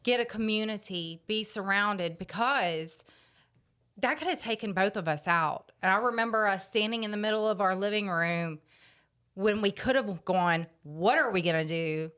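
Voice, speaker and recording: A woman's voice: medium pitch, normal speed, a bit bright, clear, resonant tone. A woman on a podcast giving an emphatic, bold testimony. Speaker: podcast guest. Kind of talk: testimony in casual chat.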